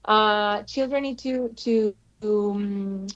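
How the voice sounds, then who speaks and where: Halting woman with English. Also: medium pitch, no room sound. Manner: halting, with many fillers. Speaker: actor playing the evil queen. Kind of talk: radio interview guest. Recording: dull, dry studio sound.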